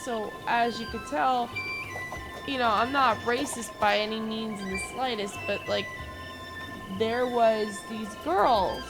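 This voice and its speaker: A young woman hosting a gaming channel, telling a rambling story with lots of filler words and getting animated as she goes. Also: fairly high pitch, takes it slowly, music in the background. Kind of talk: casual rambling commentary over gameplay.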